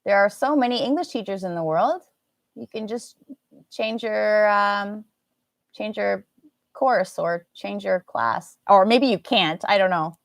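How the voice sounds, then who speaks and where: Slow-talking American woman teaching English. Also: mid-range voice, vocal fry, no echo. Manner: slow, carefully enunciated, mixes in Indonesian phrases. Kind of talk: live online language lesson.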